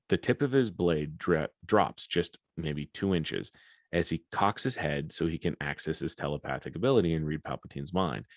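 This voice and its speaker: A man's voice: a bass voice, no echo. A man hosting a podcast in casual chat, rambling and swearing with enthusiasm at a close mic. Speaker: podcast host.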